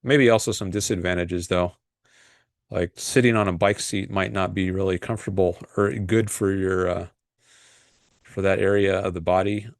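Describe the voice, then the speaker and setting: A man hosts his own livestream, talking in a loose, meandering way and reading viewer comments aloud. His voice sits on the low side and sounds dry and close, with no room around it. He hesitates often, filling gaps with "um" and restarting his sentences. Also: fairly even intonation, normal speed, dry recording. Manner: rambling and hesitant, frequent fillers and restarts. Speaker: livestream host.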